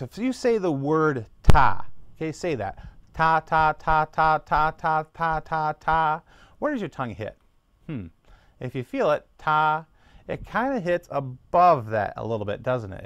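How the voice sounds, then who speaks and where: A man's voice: medium pitch, no echo. A man teaching a beginner trumpet lesson, patiently walking through each step and sounding out practice syllables.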